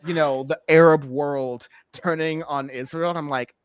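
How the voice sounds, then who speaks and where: A man co-hosting a casual political chat show, sarcastic and jokey, quick to laugh. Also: on the high side, fairly even intonation, clean tone. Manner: sarcastic, jokey, breaks into laughs and put-on voices. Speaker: podcast co-host.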